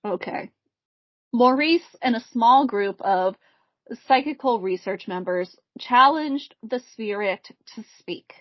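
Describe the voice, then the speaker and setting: A woman co-hosting a podcast, telling a haunting case in a measured casual way among friends. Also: a little high, lively intonation, no room sound. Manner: reads the story in a measured way, breaks into laughter. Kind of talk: casual storytelling chat. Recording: dull, slightly lo-fi podcast mic.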